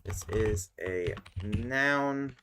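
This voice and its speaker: Slow, muttering streamer typing away. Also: female voice, very deep voice, noisy background. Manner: slow, muttering while typing and looking things up. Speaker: streamer building a constructed language. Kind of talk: casual livestream chat. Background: keyboard typing and clicking.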